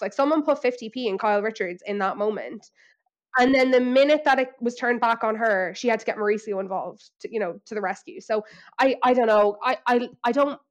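An Irish woman co-hosting a podcast in casual chat, telling animated stories and putting on exaggerated impressions. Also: medium pitch. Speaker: podcast co-host.

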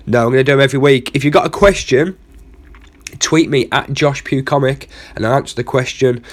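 A man's voice: mid-range voice, fairly quick. A man hosting a comedy podcast, telling a rambling, self-mocking story full of asides. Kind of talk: comic storytelling monologue.

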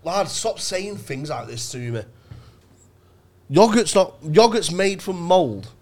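A man's voice: high voice, very animated, slow pace, darkish tone. A man in casual podcast banter, dry and mock-incredulous. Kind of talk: casual chat.

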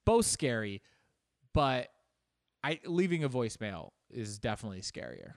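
A man's voice: mid-range voice, very animated, fairly quick, dry recording, clean studio sound. A man delivering a rambling, profane comedic monologue as a podcast host.

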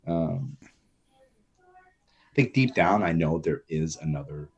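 A man co-hosting a podcast in casual chat, relaxed and rambling with many fillers and restarts. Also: very deep voice, takes it slowly, vocal fry, slightly rough, muffled recording. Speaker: podcast co-host.

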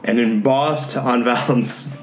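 A man's voice: mid-range voice, slow, roomy sound. Playful laughing man at a game table. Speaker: player.

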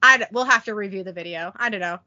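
A woman's voice: mid-range voice, fast, lo-fi sound, over a noisy crowd. A woman co-hosting a podcast, narrating an episode's scenes and dialogue, then chatting casually and laughing with her co-host. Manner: reads out scene dialogue with light voicing, giggly. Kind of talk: casual recap narration and chat.

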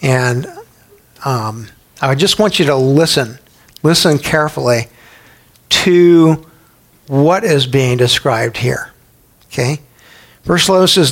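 Gravelly-voiced man teaching scripture. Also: medium pitch, slow, long pauses. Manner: chatty, asks the audience questions, tells anecdotes. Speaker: Bible teacher. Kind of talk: conversational Bible teaching.

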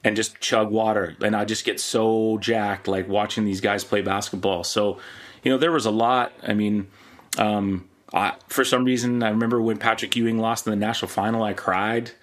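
A middle-aged Canadian man, a podcast host now being interviewed, telling rambling, animated stories in casual chat. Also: lowish voice, moderate pace. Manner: rambling, animated anecdotes with many fillers.

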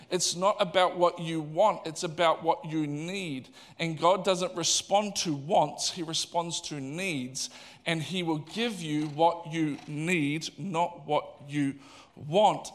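A man preaching a sermon in an animated, conversational way, asking the audience questions. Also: a little high. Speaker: pastor.

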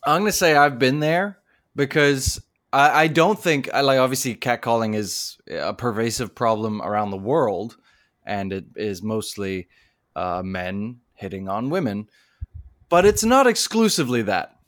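A man's voice: mid-range voice, animated, measured pace, a bit bright. A man co-hosting a podcast, telling a story earnestly in casual chat. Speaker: podcast co-host.

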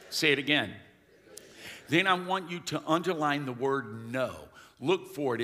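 A man's voice: fairly high pitch, pushed and bright, big-room sound. A man preaching a sermon as pastor, emphatic and calling the congregation to respond. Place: church sanctuary.

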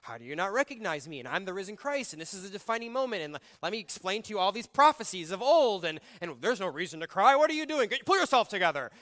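A male pastor voicing an exasperated, preachy man who scolds in a high, loud voice during a sermon. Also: big pitch swings, fast, hardly any pauses, full character voice. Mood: exasperated scolding.

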